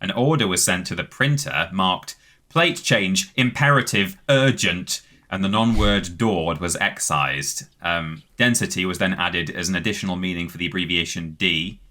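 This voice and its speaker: A British man with a very low, deep voice and a bright, forceful edge explains facts at length on a podcast. He talks casually, full of "um"s, and spells out words letter by letter as he goes. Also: normal speed, few pauses. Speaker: podcast co-host. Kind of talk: casual chat, reading out facts.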